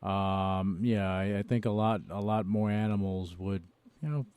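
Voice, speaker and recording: A man's voice: on the low side, steady tone, a little mellow, smooth, dry recording. A male radio host chatting casually with a guest, restarting his sentences often. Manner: halting, restarts a lot. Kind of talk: casual interview chat.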